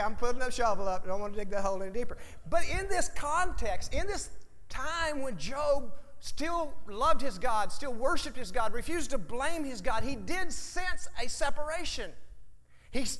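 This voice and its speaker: A man's voice: very high voice, sharp tone. A man preaching a sermon as pastor, folksy and emphatic, with jokes for the congregation. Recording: reverberant hall.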